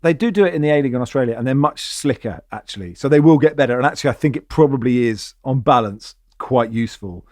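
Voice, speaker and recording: A man's voice: mid-range voice, fast talker, few pauses, a little mellow, no room sound. Dry-sounding man hosting a podcast. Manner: jokey, slips into comic mock voices. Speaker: podcast host. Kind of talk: casual chat.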